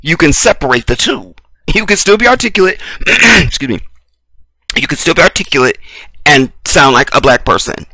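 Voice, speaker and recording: Blunt, profane man ranting, bright and dry. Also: a little high, expressive, normal speed, no echo. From United States. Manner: blunt, profane, preachy, repeats phrases for emphasis. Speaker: video commentator. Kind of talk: impassioned commentary rant.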